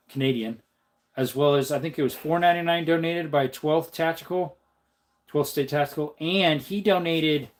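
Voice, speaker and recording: A rambling, chatty man hosting a livestream, his talk sitting a bit high for a man. He reads out viewer comments and drifts from topic to topic. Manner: jokey, slips into a silly high voice. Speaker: livestream host. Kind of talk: casual livestream chat.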